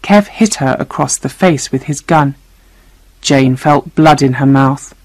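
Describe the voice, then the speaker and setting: Woman narrator, low voice, very slow, clear reading, dry close sound. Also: darkish tone, dry recording, rough recording. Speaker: storyteller. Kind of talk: scripted narration of a graded reader.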